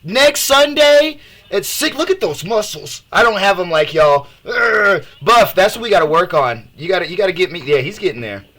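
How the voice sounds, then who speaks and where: Bright, lively young-sounding co-host. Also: male voice, high-pitched, normal speed. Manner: eager, reactive, jokey. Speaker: podcast co-host. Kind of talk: casual chat.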